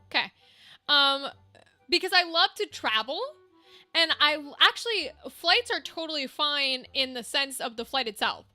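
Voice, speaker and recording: Bright-voiced woman chatting over gameplay. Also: high voice, animated, moderate pace, dry recording. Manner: chatty, thinks aloud, easily amused. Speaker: streamer playing a game. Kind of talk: casual gameplay chat. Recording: game music underneath.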